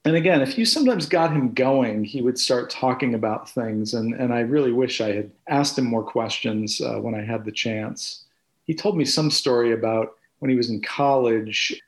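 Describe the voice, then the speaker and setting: A man's voice: medium pitch, normal speed. A man being interviewed for an oral history, reminiscing in a reflective, hesitant way with many restarts.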